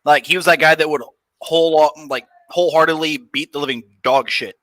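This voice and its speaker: A man's voice: on the high side, fairly even intonation, fairly quick, a bit bright, no echo. A young man, a guest, telling profane stories in loose casual chat. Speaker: podcast guest.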